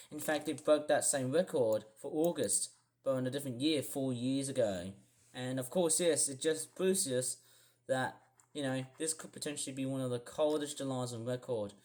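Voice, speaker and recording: A man's voice: medium pitch, darkish tone. A man vlogging casual weather commentary over forecast charts, rambling and correcting himself as he goes. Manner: rambling, self-correcting, grumbling.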